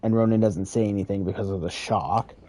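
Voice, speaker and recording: A man's voice: on the low side, a little fast, dark tone, a little hiss or hum. A man casually retelling a wrestling game storyline, rambling and profane, with chuckles. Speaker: gaming creator.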